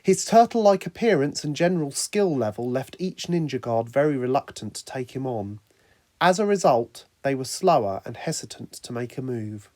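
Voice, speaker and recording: A man's voice: mid-range voice, darkish tone, dry recording. A man narrating a fan fiction action story, reading steadily aloud.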